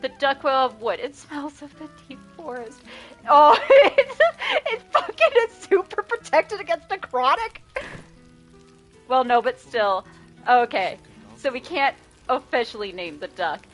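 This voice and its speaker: A woman's voice: sits high, big pitch swings, a little slow, faint music behind. A woman streaming a video game, chatting casually, swearing and laughing often. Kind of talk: casual gameplay commentary.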